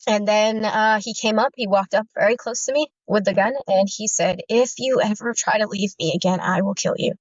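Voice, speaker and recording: A woman telling her own story as personal testimony. She speaks in a halting, earnest way, full of fillers and restarts. The recording is dull and muffled, with a dry, close sound. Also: mid-range voice, dry recording. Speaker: guest survivor recounting abuse.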